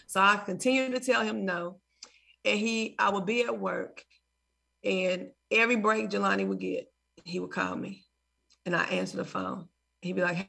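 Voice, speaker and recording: A woman's voice: medium pitch, fairly even intonation, moderate pace, gravelly, fairly bright tone, breathy edge. A woman in her forties, a mother interviewed as a guest, telling stories and acting out phone calls with laughter.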